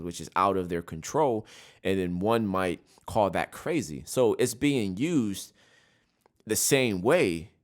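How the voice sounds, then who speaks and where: Opinionated man hosting a solo podcast. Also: low-pitched. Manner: opinionated, repeats "right?" often, frequent restarts. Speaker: podcast host. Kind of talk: casual solo podcast commentary.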